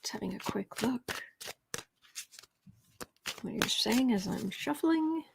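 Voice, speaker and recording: A woman's voice: mid-range voice, slow, vocal fry, very noisy. A woman with a Southern accent hosting a casual tarot livestream, chatting with viewers, reading out their comments and dropping sarcastic asides. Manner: chatty, sarcastic asides, drops to soft murmurs while shuffling. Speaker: tarot reader and livestream host.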